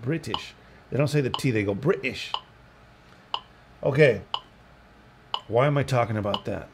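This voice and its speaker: A man in his sixties gives a casual, rambling spoken guitar lesson, tossing in jokes and counting out beats. His voice is gravelly and medium-pitched, and he talks fairly quickly. Background noise can be heard in the recording.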